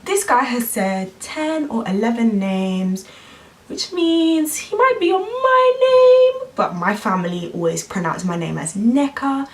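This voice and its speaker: A woman, telling an animated story to camera in a vlog. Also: a little high, measured pace, recorded from a distance. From London, England. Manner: animated, acts out quoted voices. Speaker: vlogger.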